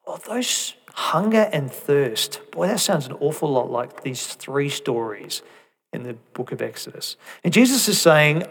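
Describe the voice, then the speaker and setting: A man preaching a sermon, conversational and animated, swinging between emphatic peaks and soft asides with rhetorical questions. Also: a little high, unhurried, breathy edge.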